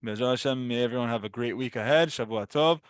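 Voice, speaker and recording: A man's voice: medium pitch, quick pace, clear, resonant tone, dry recording. A man giving a casual weekly Torah lesson, telling the story with animation and acting out voices. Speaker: Torah teacher.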